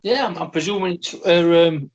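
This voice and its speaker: A man's voice: a little high, moderate pace, dull audio. A man playing a tabletop game, easygoing and casual. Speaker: player.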